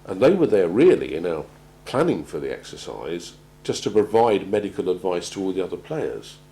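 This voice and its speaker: A man gives a measured talk on crisis planning, often pausing and repeating words as he goes. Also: sits low, very animated, warm tone, a little hiss or hum, rough recording. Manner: measured, halting, repeats words while finding them. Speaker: presenter on organisational crisis planning. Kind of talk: prepared talk to an audience.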